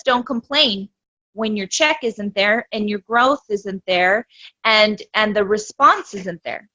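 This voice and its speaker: Woman, bright tense voice, motivational, dull lo-fi video call audio. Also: on the high side. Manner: enthusiastic, motivational. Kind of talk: casual video call chat.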